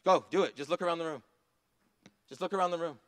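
A man preaching a sermon in a church, earnest, rising to emphatic passages and dropping to soft asides. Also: a little high, fast. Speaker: pastor.

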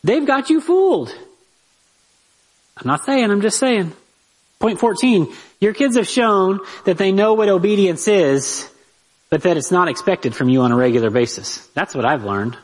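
Husky, fairly high-voiced male teacher. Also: normal speed, rough recording. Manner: lively, talks straight to the listeners with rhetorical asides. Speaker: Bible teacher on parenting. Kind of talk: conversational Bible lesson.

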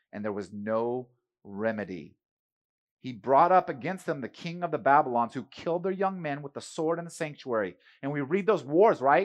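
A male pastor preaching a sermon in an emphatic, conversational way, often asking his listeners "right?". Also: medium pitch.

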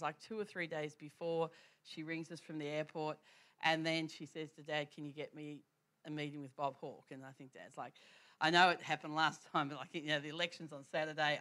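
A woman telling a church testimony story, animated and laughing often, with many restarts. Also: deep voice. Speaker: church speaker.

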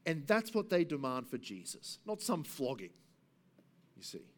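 A man with a high-pitched voice preaches through a passage, earnest and searching. He pushes up for emphasis, then sinks into low, hushed stretches. The delivery is unhurried and conversational. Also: sing-song. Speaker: pastor. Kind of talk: expository sermon.

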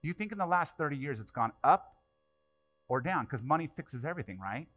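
A man preaching a sermon in church, talking conversationally, throwing rhetorical questions at the congregation, and swinging between loud bursts and hushed asides. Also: on the high side, animated, fairly quick, highs cut off. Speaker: pastor.

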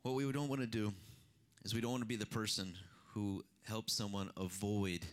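Male pastor delivering a sermon; impassioned, swings in pitch and volume, repeats phrases for emphasis. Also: fairly even intonation, moderate pace. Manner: impassioned preaching with sudden rises and drops in pitch and loudness.

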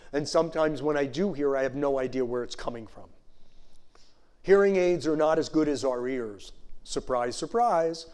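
A man preaching as a pastor, his voice a little high but mellow and warm. He talks to the congregation conversationally, dropping in "you know" asides. He slows right down to stress the phrases that matter. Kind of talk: sermon.

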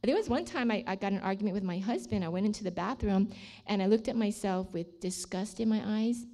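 A woman of sixty giving a testimony sermon to a room of listeners, telling her story with animated storytelling and leading an earnest, pleading prayer. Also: medium pitch, fairly quick. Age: 60s. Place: room with a seated audience.

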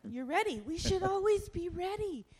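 A woman giving a lively, playful church talk, animated and quick to poke fun at herself. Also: very high-pitched. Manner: playful, self-mocking, animated. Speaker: church speaker.

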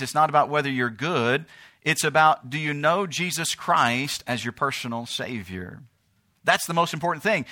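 Man, pastor, sermon in church, bright tone, emphatic, asks the congregation questions. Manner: preaching, rising in pitch and force, calling out to the congregation.

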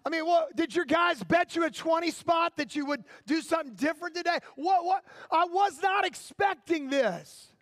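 A man's voice: very high-pitched, lively intonation, moderate pace, few pauses, a bit bright, no room sound, clean studio sound. A preacher acting out an incredulous blind man. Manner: incredulous, complaining, comic exasperation. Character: eager blind man awaiting healing, adult male. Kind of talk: sermon storytelling in character.

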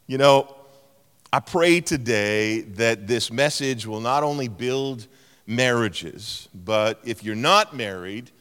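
A middle-aged man preaching a sermon in a large church, telling stories and playfully mimicking voices. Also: smooth. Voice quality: animated storytelling with playful mimicry of a higher-pitched tone. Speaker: pastor. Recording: long hall reverb.

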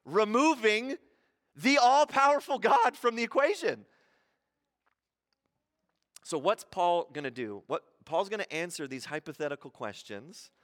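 A man's voice: high voice, expressive, unhurried, long pauses, fairly bright tone, long reverb tail. A man preaching a sermon in a church in a conversational, playful way, full of rhetorical questions. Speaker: pastor. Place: church hall.

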